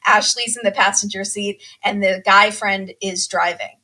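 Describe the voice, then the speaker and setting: A woman hosting a podcast, chatting casually and telling a story with lively acted-out quotes. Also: mid-range voice, normal speed. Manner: animated storytelling, acts out quotes. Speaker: podcast host. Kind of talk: casual chat, recapping a reality show.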